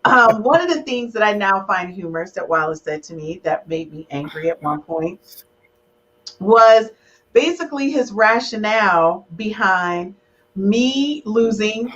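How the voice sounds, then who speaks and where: A woman hosting a casual relationship podcast over a video call, animated, teasing and playfully dramatic. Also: medium pitch, lo-fi sound. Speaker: podcast host.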